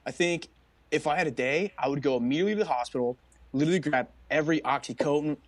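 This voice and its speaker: A man's voice: on the high side, fast talker, heavy background noise. A young man co-hosting a casual chat podcast, telling stories with lots of swearing and acted-out quotes. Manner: animated storytelling, heavy swearing, acts out quotes. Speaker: podcast co-host.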